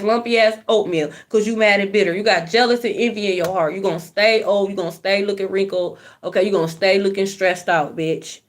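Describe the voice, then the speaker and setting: A woman giving a spiritual card reading, blunt and profane, preaching and repeating phrases for emphasis. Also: fairly high pitch. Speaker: tarot card reader.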